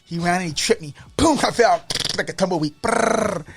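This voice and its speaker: A man as a podcast guest telling a story in an animated, excitable way, often repeating his words. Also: high voice, moderate pace, vocal fry, noisy background.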